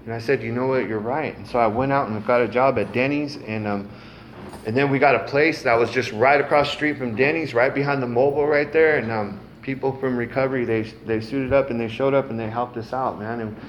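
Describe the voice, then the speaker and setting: A man's voice: mid-range voice, fairly even intonation, brisk, highs cut off, a little hiss or hum. A middle-aged man giving a casual, salty personal testimony at a recovery meeting, peppered with "man" and "um". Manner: casual, frequent "man" and "um", cusses freely.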